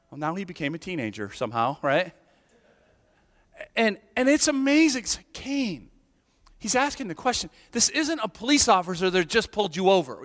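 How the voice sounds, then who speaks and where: Bright high-voiced preacher in a reverberant hall. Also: male voice. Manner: emphatic, rising to near-shouts on quoted lines. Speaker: pastor. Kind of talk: sermon.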